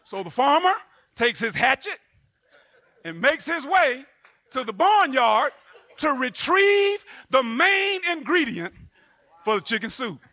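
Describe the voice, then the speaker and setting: An animated preacher delivers a sermon in a high, bright voice. His pitch rises and falls a lot, and it jumps into sudden loud bursts. The sound is dry and close. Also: slow, pauses often, no room sound.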